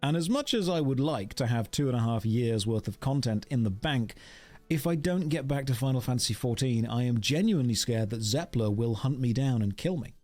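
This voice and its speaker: A man from the UK talks to his chat on a live gaming stream in a loose, rambling way, thanking viewers and poking fun at himself. His voice sits at a middling pitch, and he speaks into a desk mic at his home streaming setup. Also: animated, brisk, a little mellow, faint music behind. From United Kingdom. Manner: chatty, rambling, thanks viewers, wry self-mocking.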